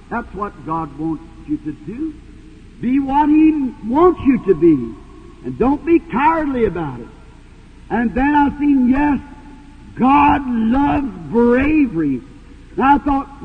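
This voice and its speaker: A man preaching a sermon, telling a story with fervor and sometimes breaking into shouts. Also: extremely high pitch, very animated, slow, husky. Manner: fervent, rises to shouts. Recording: tinny old tape in a hall.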